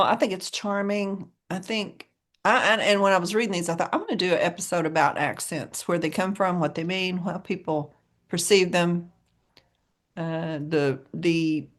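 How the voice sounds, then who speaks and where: Southern US woman, podcast co-host, lowish voice, chatty storyteller who laughs often. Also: normal speed. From American South. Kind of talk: casual chat.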